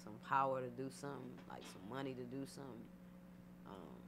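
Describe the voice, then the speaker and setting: A woman's voice: a bass voice, brisk. A woman guest artist, talking casually and animatedly in a radio interview with lots of fillers. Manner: rambling, animated, many fillers. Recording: steady background hum.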